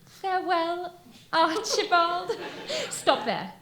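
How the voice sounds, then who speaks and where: A woman's voice: very high voice, expressive, slow pace, fairly bright tone, exaggerated voice. Woman playing a torn, melodramatic young milkmaid. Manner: earnest, breathless, melodramatic. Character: young milkmaid torn between duty and love. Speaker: stage actor. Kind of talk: amateur stage musical acting. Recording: echoey theater stage.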